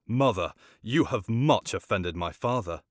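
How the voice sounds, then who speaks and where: Man reading storybook prince, low voice, sharp and reproachful, dry close sound. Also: normal speed, dry recording, natural voice. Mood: bitter. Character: young prince, bitter and accusing son.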